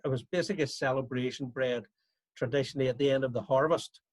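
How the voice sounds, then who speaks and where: Baker explaining on a call. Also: male voice, medium pitch, fast, no echo, poor audio. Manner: steady, explanatory, with fillers. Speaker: bakery guest. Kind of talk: casual chat on a video call. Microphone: video call.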